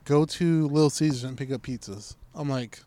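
A man's voice: mid-range voice, moderate pace, dark tone, no room sound. A man telling a story in casual chat, acting out his own past lines and swearing freely.

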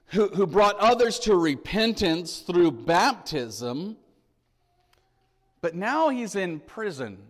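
A man preaching a sermon, earnest and storytelling, swelling and dropping for emphasis and often repeating words. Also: fairly high pitch. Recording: long hall reverb.

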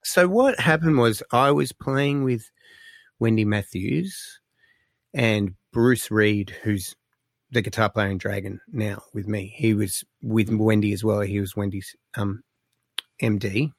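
A man, a musician guest telling stories in a casual interview, animated and full of fillers. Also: on the low side, slow, no room sound, clean studio sound. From Australia. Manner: animated storyteller, lots of fillers, excitable.

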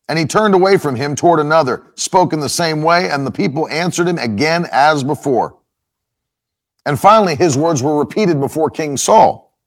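A man preaching a sermon, reading scripture and explaining it with emphatic, drawn-out stresses. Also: fairly high pitch, lively intonation. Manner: emphatic, slows down to stress points. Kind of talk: expository sermon.

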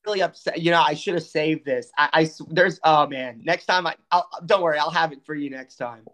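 A man's voice: on the high side, brisk, a bit bright. A man co-hosting a casual sports chat, arguing his take and stumbling over his words as he rambles. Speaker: podcast co-host.

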